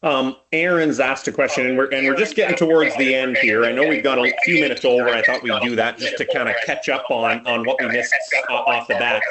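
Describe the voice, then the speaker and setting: Halting male moderator over loud noise. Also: mid-range voice. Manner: halting, repeats words. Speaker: webinar moderator. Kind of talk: moderating a webinar Q&A.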